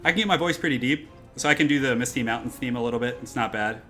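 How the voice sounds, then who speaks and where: A man's voice: medium pitch, fast talker, bright, forceful tone, faint music behind. A young man chatting casually on a live game stream, upbeat and chatty as he answers comments from his viewers at his home computer.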